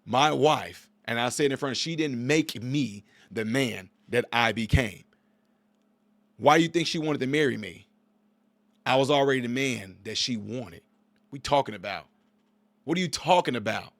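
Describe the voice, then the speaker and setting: A man's voice: mid-range voice, animated, normal speed, a bit bright, dry recording. Emphatic preachy man in his forties. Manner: emphatic, preachy, repeats himself. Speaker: commentator reacting to a video clip. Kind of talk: opinionated reaction commentary.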